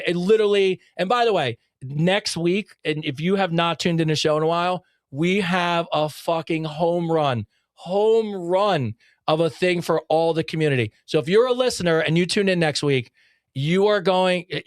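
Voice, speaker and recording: A man with a notably high voice hosts a casual podcast, rambling excitedly and swearing freely. He often breaks into laughter between thoughts. The recording is dry and close, with no room sound. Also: dry recording. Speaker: podcast co-host.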